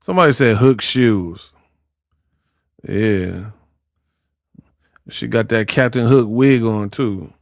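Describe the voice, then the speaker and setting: A man streams casual commentary, ranting and teasing in loose slang. He talks slowly and unhurriedly, and the sound is dry and close with no room around it. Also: mid-range voice, no room sound. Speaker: YouTuber streamer.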